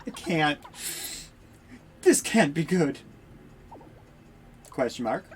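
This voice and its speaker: A woman's voice: deep voice, sing-song, extremely slow, slight background noise. A woman streaming a video game, making wry, sarcastic asides as she plays. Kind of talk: casual game commentary.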